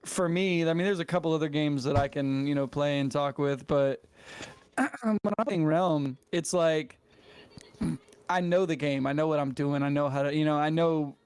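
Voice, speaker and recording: A man's voice: a little high, normal speed, a little mellow, smooth, dry recording. A male game streamer, a guest on a podcast, talking in an earnest, loose stream of thought in casual chat.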